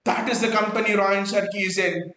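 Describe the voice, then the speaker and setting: Breathless excitable football fan host. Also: male voice, high voice, brisk, reverberant, poor audio. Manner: excitable, repeats words, stumbles in bursts. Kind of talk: excited live fan reaction.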